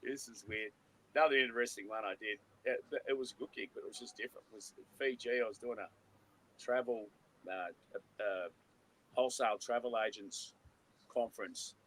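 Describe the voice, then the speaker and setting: A man's voice: medium pitch, a little fast, fairly bright tone, slight background noise, low-quality recording. A man, a co-host and musician, telling rambling anecdotes in a casual chat, acting out quotes and restarting his sentences.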